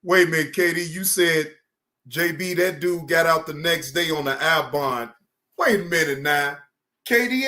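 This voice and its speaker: A high-pitched man talks over video clips in loose, slangy commentary. His voice is bright and loud, and he often exclaims. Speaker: reaction video host.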